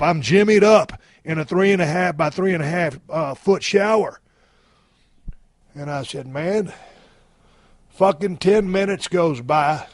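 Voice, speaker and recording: A man in his fifties hosting a podcast, telling a story in a blunt, heavily profane, animated way. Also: fairly high pitch, no echo. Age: 50s. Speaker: podcast host.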